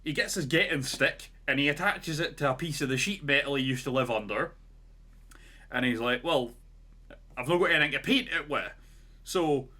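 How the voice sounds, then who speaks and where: A man's voice: on the high side, sharp tone. A man co-hosting a podcast, retelling a story in a casual, rambling way with lots of "like" and "right?". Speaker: podcast co-host.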